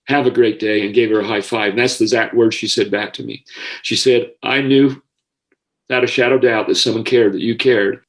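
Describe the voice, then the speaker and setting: Older American man, guest storyteller, sincere and emotional, mid-pitched voice. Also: steady tone, a little fast, poor audio. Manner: heartfelt, gets emotional easily. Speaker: guest, former school counselor. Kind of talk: personal storytelling.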